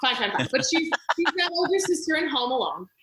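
A woman co-hosting a podcast, chatting casually about a movie in an animated way. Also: high voice, brisk, roomy sound, soft background music. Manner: animated, acts out movie lines in character voices. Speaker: podcast co-host.

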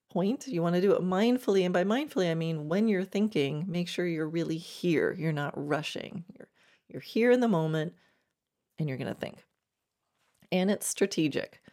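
A woman's voice: lowish voice, mellow. A woman riding coach giving a reflective instructional talk about planning horse training, with a laugh now and then.

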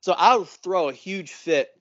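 A man with a slightly high voice spins a rambling story in casual podcast chat, with swearing in nearly every line. The sound is dry and close. It is also somewhat muffled and lo-fi. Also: measured pace, no room sound. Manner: profane, animated storytelling. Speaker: podcast co-host.

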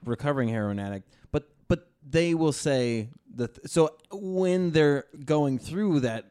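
A man's voice: a little high, expressive, a little slow, dark tone, clear, resonant tone. A man co-hosting a podcast, interjecting in casual chat to clarify a point. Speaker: podcast co-host.

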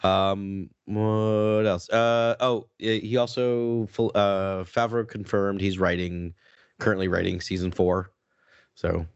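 A man co-hosting a podcast, chatting excitedly and rambling with lots of fillers. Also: fairly low pitch, slow pace, smooth, no room sound, muffled recording. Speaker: podcast co-host. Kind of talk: casual fan chat.

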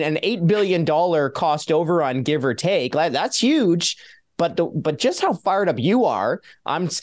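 A man hosting a conversational podcast in a casual way, laughing often and jumping in with questions. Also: sits high. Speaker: host.

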